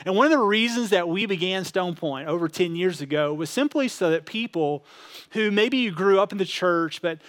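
Man, pastor, high voice, easygoing sermon, lots of uh and um. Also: moderate pace. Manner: relaxed storytelling with many fillers. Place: church auditorium.

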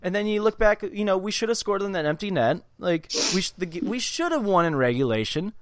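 A man's voice: high-pitched, expressive, a little fast, no room sound. A young man co-hosting a casual sports podcast, heated and swearing freely as he talks. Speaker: podcast co-host.

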